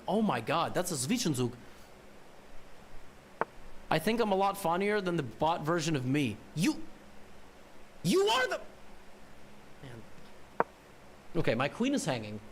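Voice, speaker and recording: A man streaming a chess game and thinking aloud, his lightly raised voice leaping all over the place as he works through moves. He mutters to himself, doubles back on his own words and slips in wry jabs at his opponent. A faint hum of room ambience sits underneath. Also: sits high. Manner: wry teasing banter at the opponent.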